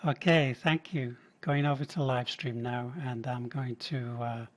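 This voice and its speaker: Male host, slow and halting closer, mid-range voice. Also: medium pitch, little pitch movement. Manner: unhurried, halting, with many fillers. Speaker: event host. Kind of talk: closing remarks.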